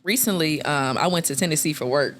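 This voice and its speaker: A woman's voice: a little fast, slight background noise. A woman hosting a podcast, telling stories in casual chat with profanity and acted-out quotes. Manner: animated, profane, acts out quotes in a jumping pitch. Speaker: podcast host.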